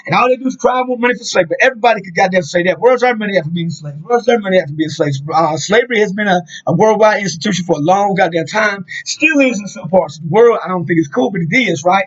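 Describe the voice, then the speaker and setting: A man's voice: sits high, very fast, fairly bright tone. A man, telling a rambling, profane story in a casual monologue, full of fillers. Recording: dull lo-fi sound.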